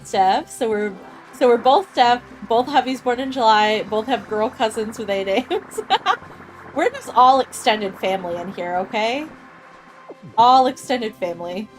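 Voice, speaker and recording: A woman in her thirties chatting casually with her chat while streaming a game, bubbly and quick to laugh. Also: fairly high pitch, expressive, soft background music. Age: 30s. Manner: giggly and bubbly, laughs often.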